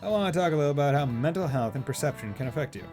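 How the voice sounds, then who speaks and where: A streamer voicing a calm male school counselor in a game, reassuring, quick explanations, lively pitch, faint game music behind. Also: close to an everyday voice. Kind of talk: reading game dialogue aloud.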